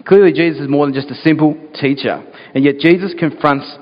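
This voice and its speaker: A man's voice: a little high, brisk. Earnest male pastor in a reverberant hall. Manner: earnest, asks the listeners rhetorical questions. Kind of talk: sermon. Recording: dull sound with long hall reverb.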